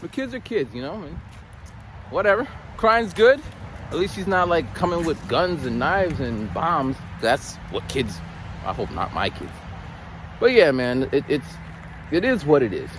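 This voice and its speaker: A man vlogging outside in the cold, voice sitting a little high and swinging widely as he talks. His delivery is loose and rambling, full of animated storytelling and stumbling restarts. It is a relaxed, casual chat straight to his audience. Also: measured pace, slight background noise. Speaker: vlogger who works lunchroom duty at a school. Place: outdoors in cold weather, near a bridge.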